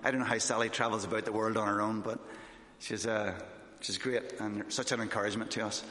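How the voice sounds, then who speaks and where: A man from Northern Ireland with a Northern Irish accent, giving a fast, excitable church talk as a missionary speaker. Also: lowish voice. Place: church hall. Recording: echoey church hall.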